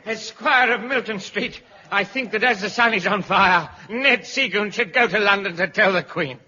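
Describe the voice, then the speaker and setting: An actor playing a brisk, wheedling village organiser in a 1950s radio comedy, from an old broadcast. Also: male voice, sits high, bright, forceful tone, dull audio.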